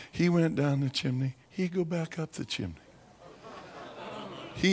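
A man preaching by telling a dramatic story, slow and vivid, acting out sounds and voices. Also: mid-range voice. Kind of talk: storytelling sermon.

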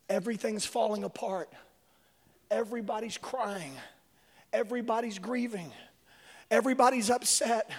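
A male preacher delivering a sermon, swinging from hushed whispers to shouting. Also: very high voice. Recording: long reverb of a large hall.

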